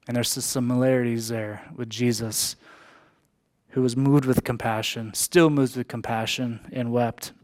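A man's voice: mid-range voice, steady tone, measured pace, darkish tone. A man preaching a sermon as a pastor, emphatic, repeating key lines for emphasis.

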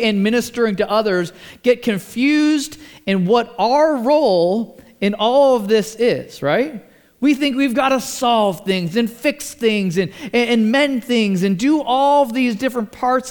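A man's voice: very high-pitched, lively intonation, unhurried. A man preaching a conversational sermon as pastor, often restarting words and asking the congregation questions.

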